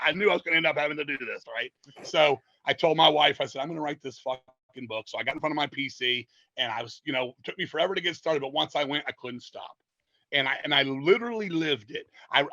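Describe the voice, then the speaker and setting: On a podcast, a metal singer guest spins long, rambling, casual stories loaded with profanity. His mid-range voice has a sharp tone, and the recording is rough but free of echo.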